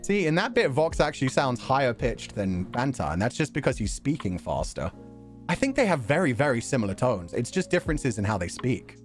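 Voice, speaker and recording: A young man chatting casually on a stream, talking fast and laughing often. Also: medium pitch, soft background music. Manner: animated, quick talker who laughs often. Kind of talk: casual chat.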